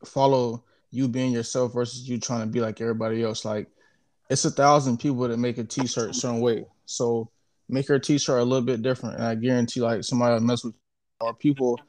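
A man's voice: mid-range voice, level tone, brisk, a little mellow. A man chatting casually on a podcast in a laid-back way, laughing easily. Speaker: podcast co-host.

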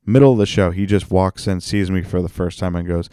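A comedian hosts his own podcast, venting and swearing through a loose solo monologue. His voice sits very low with a rough, gravelly fry to it. The sound is dry and close, with no room echo. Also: little pitch movement, fairly quick, hardly any pauses, dark tone. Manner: profane, ranting and venting.

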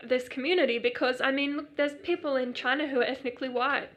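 A woman's voice: high-pitched, steady tone, quick pace, fairly bright tone. A woman co-hosting a podcast in casual chat, talking with many fillers and laughing often. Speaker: podcast co-host.

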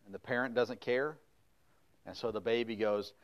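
A man's voice: mid-range voice, steady tone, normal speed, dull audio. A middle-aged man preaching casually, reading old-style scripture and then explaining it in a folksy, chatty way with frequent fillers. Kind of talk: casual sermon with Bible reading.

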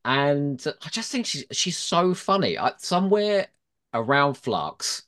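A man's voice: a little high, very animated, slow, a bit bright. A man in a casual podcast chat, arguing his picks with opinionated enthusiasm. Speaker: podcast guest.

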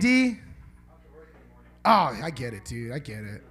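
A man's voice: medium pitch, sing-song, measured pace, pauses often, a bit bright, husky. A man doing a live stand-up set in a small venue, rambling and swearing as he banters with the audience. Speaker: stand-up comedian.

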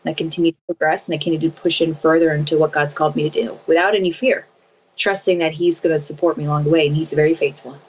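A woman's voice: deep voice, steady tone, fast, lo-fi sound, a little hiss or hum. A woman in her thirties answering interview questions earnestly, repeating phrases as she speaks about faith and family. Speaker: interview guest.

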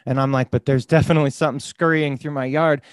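A podcast host telling a story in casual conversation, animated and swearing freely, often saying "dude". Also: male voice, mid-range voice, quick pace, no echo.

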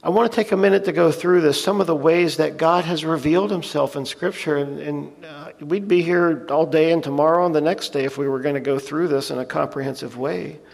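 A man's voice: fairly high pitch, a little fast, vocal fry, hardly any pauses. A man preaching a sermon, earnestly reading scripture aloud and explaining it plainly. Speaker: pastor. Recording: long reverb of a large hall.

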